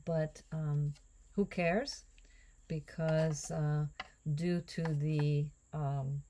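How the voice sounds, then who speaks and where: A woman talks her way through a recipe in a casual cooking vlog, wandering from thought to thought as she muses aloud. Her voice sits low and warm, and she takes her time. Now and then she drops into a breathy whisper for a joke. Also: fairly even intonation, very slow, slight background noise. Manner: rambling, musing aloud with drifting asides. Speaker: home cook and actress.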